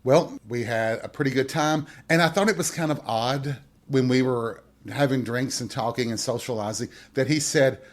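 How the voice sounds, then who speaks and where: A man's voice: mid-range voice, normal speed. Candid man telling a story, wry. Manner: candid, wry and profane, talking straight to listeners. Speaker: podcast host. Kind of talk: personal storytelling monologue.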